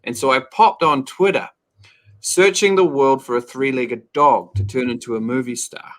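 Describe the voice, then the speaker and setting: A man's voice: mid-range voice, moderate pace, a bit bright. A man in his thirties with a New Zealand accent, chatting as an upbeat, joking guest on an interview show. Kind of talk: casual interview chat.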